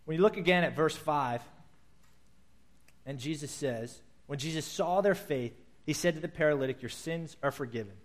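A man preaching a sermon, telling a scripture story in vivid, animated detail and acting out its scenes. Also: fairly high pitch, moderate pace.

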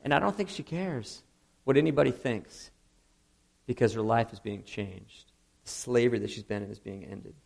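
Gravelly-voiced man preaching conversationally. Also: normal speed. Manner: conversational, asks the audience questions, frequent "okay?" and "right?"; animated, rising to high emphatic bursts. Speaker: pastor. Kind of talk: sermon.

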